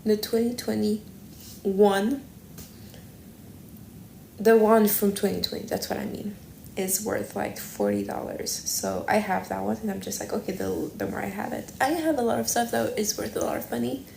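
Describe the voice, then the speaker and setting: A woman's voice: medium pitch, animated, fairly quick, creaky, darkish tone. Rambling woman livestreaming in an echoey room. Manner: rambling, self-correcting, thinking aloud. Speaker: livestream host. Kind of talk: casual livestream chat. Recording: echoey room with faint background noise.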